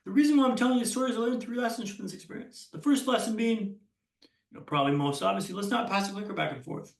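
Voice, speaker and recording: A man giving a keynote speech as a storyteller, with punchy lines, dramatic pauses and self-deprecating humor. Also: high voice, vocal fry, echoey room, recorded from a distance. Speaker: keynote speaker. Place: conference hall stage.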